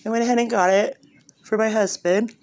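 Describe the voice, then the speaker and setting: A woman's voice: a little high, fairly even intonation, fairly quick, a little mellow, slight background noise. A woman chatting casually through a shopping haul and reading off prices, filmed on a handheld phone at home. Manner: chatty, upbeat, reads off prices. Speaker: vlogger showing a shopping haul. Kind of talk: casual haul video chat.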